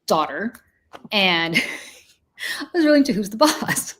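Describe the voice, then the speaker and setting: A woman's voice: medium pitch, very animated, slow pace, a crowd in the background. A woman in her forties, a podcast host, telling a self-deprecating story in casual chat.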